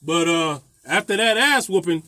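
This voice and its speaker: A man's voice: high voice, animated, moderate pace, sharp tone, dry recording. A man, a landlord, telling a rambling, profane story about a tenant in a casual vlog, laughing often.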